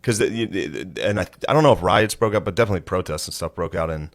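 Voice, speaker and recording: A man's voice: sits low, fast talker, no room sound. A man co-hosting a podcast, telling stories with dry, wry jokes. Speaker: podcast co-host. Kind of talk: casual podcast chat.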